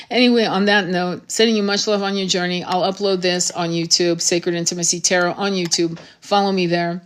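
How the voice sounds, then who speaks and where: A woman's voice: lowish voice, steady tone, moderate pace. A woman spiritual tarot reader giving a casual livestream monologue, frank and swearing freely, laughing often.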